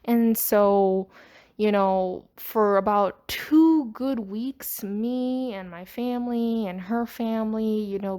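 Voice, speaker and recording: Her voice is mellow and medium in pitch as this podcast host wanders through a personal anecdote, keeping the storytime monologue casual and chatty.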